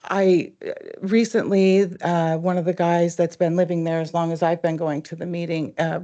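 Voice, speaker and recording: A woman's voice: lowish voice, little pitch movement, mellow. Hesitant woman at a council lectern. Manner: hesitant, halting, many fillers. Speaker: public commenter. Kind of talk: public comment at a council meeting. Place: council chamber.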